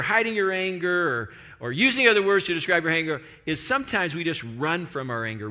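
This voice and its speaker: A man's voice: sits high, bright, forceful tone, in a large hall. A male pastor preaching a sermon in a conversational way, with frequent restarts and "like".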